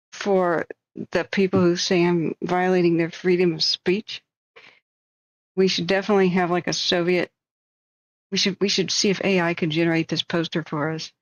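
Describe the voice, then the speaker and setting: Woman livestream host, rambling joking chat, lowish voice, dry close headset sound, dull lo-fi audio. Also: no echo. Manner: rambling, joking, sighing asides.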